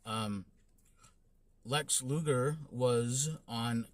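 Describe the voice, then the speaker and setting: A man's voice: mid-range voice, drawn-out words. Male host, casual solo wrestling review; loose, rambling delivery full of fillers. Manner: rambling, many fillers and restarts.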